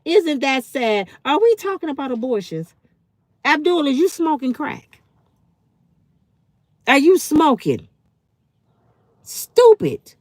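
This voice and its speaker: A woman in her fifties talks straight to her live-stream chat, blunt, heated and swearing. Her voice sits a little high and swings widely in pitch. The sound is dry and close. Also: big pitch swings, a little slow, pauses often, dry recording. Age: 50s. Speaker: channel host.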